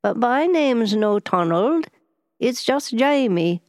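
A woman voicing a slow, cunning old Highland boatman with a Scottish Highland accent, in audiobook narration. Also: animated, a little mellow, no echo, studio quality. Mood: sly. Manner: slow, sly, lilting Highland speech. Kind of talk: audiobook character voice.

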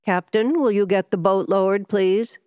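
A woman's voice: mid-range voice, normal speed, a little mellow, clear, resonant tone, no room sound, clean studio sound, voice pushed up, natural voice. A woman voicing a commanding, aloof older man who gives firm orders, in a storybook reading.

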